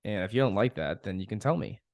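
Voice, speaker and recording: A man's voice: fairly low pitch, lively intonation, fast talker, a little mellow, no echo, clean studio sound. A young man hosting a podcast, talking casually and frankly, venting with frequent swearing and laughing at himself. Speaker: podcast host. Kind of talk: casual solo podcast monologue.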